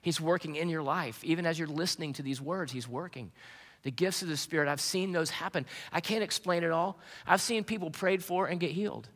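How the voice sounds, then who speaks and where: A man preaching to his congregation, his voice bright and forceful and a little high. He tells stories earnestly, often restarting his phrases. The sound rings with a long reverb from the church sanctuary. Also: brisk. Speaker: pastor. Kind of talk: sermon.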